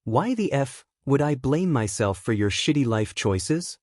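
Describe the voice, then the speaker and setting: A man reading fan fiction aloud and voicing a hot-tempered young man who snarls and shouts insults. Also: medium pitch, big pitch swings, unhurried, no room sound, studio quality. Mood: angry. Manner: angry shouting, crude insults.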